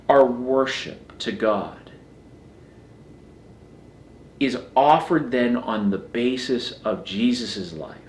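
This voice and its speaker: A man's voice: mid-range voice, reverberant, a little hiss or hum. A man preaching a sermon as pastor, earnest, often repeating phrases as he builds a point.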